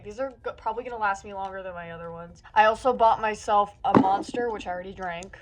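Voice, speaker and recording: Give me a young woman just out of high school, chatting anxiously and swearing in a casual vlog. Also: fairly quick, few pauses, a little hiss or hum. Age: late teens. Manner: anxious, rambling, swears a lot. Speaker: book vlogger. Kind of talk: casual vlog chat to camera.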